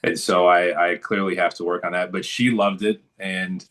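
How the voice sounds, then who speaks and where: A man's voice: sits low, little pitch movement, normal speed, fairly bright tone. A man talking as a guest in a casual interview, telling stories in a laid-back, good-humored way.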